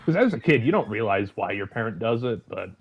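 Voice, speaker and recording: A man co-hosting a podcast in casual chat, wry, quick to laugh and swearing. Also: lowish voice, very animated, highs cut off, slight background noise. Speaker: podcast co-host.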